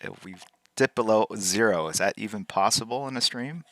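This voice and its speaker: A man's voice: lowish voice, moderate pace, bright, forceful tone, no room sound, studio quality. A man hosting a live drawing stream, chatting casually and playfully with his chat while he works, teasing them and repeating words to practice saying them.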